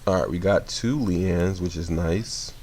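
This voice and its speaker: A young man giving casual commentary on a card game he is playing, sleepy and relaxed, often rambling and correcting himself. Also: low voice, a little slow, slight background noise. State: sleepy, yawning.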